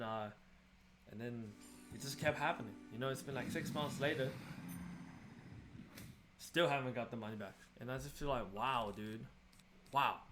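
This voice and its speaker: A man's voice: medium pitch, fairly bright tone, a little hiss or hum. A young man venting about being swindled while he plays a game, in casual, exasperated commentary. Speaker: gaming streamer.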